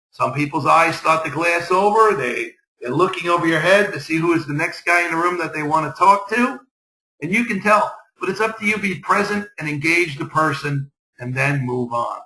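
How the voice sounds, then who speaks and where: A man's voice: a little high, pushed and bright. Upbeat man coaching in an echoey room. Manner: upbeat, repetitive exhortations. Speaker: business networking presenter. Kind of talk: motivational presentation.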